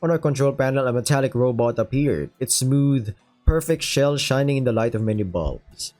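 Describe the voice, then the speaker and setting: A man's voice: medium pitch, moderate pace, hardly any pauses, darkish tone, soft background music. A man reading a sci-fi story aloud and breaking off into joking, casual asides. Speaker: story reader and commentator.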